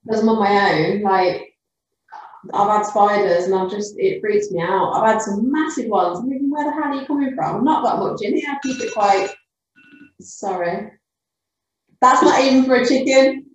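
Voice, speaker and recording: A woman's voice: mid-range voice, moderate pace. Woman host in a very echoey room. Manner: friendly, laughs readily, asks questions. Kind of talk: casual video call interview. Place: at home. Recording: echoey room, far from the mic, faint noise.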